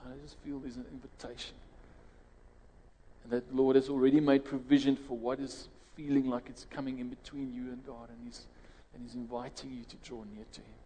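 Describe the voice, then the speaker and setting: A man's voice: mid-range voice, little pitch movement, a little fast, dark tone, long reverb tail, slight background noise, rough recording. A South African man preaching a sermon and leading prayer in a conversational way, restarting phrases and rising sharply when he quotes others.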